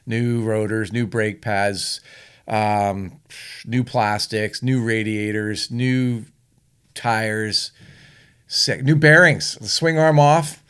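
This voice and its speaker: Middle-aged man, Canadian accent, podcast guest, casual storyteller, halting fillers. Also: fairly low pitch, fairly even intonation, a bit bright, clear, resonant tone. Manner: easygoing storyteller, hesitant fillers. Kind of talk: casual chat.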